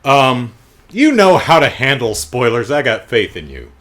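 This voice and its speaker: A man recaps a TV show in a casual review monologue, joking and sarcastic as he goes. His pitch is in the middle for a man but very lively, swinging up and down as he talks. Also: a little slow. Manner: jokey, sarcastic, animated retelling with asides.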